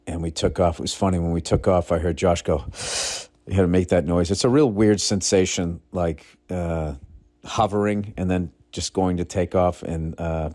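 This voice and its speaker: A man with a low, deep voice hosts a podcast in a casual, rambling monologue. He talks bluntly and swears freely, and his stories tumble out with excitable energy. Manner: profane, blunt, excitable storytelling. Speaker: podcast host.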